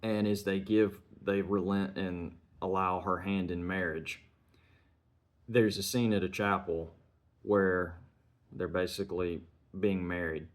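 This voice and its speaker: A man reviewing a film, retelling its scenes in an earnest, measured way and chaining sentences with "and". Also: deep voice, fairly even intonation.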